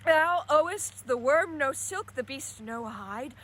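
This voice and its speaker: An old king out in the storm, high voice, slow and musing, bit of traffic behind. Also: expressive, fairly bright tone, full character voice. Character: old male king, stripped bare in a storm.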